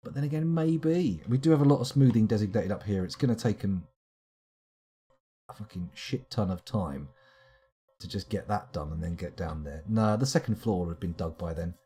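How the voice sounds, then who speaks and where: A man's voice: on the low side, normal speed, warm tone, husky. A man streaming live, rambling wryly to himself as he plays. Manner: rambling, muttering to himself, wry asides. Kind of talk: live game commentary.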